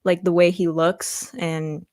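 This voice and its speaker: A woman's voice: fairly low pitch, little pitch movement, slow, a little mellow, no echo, studio quality. A woman guest on a casual livestream chat, talking enthusiastically and giving blunt opinions.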